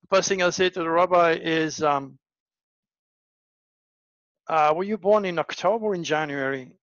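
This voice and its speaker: A man's voice: moderate pace, dry recording. A man, an astrologer, telling stories in a casual monologue, acting out the voices of the people in them. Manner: animated, acts out quoted voices with big pitch jumps. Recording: dull lo-fi dry recording.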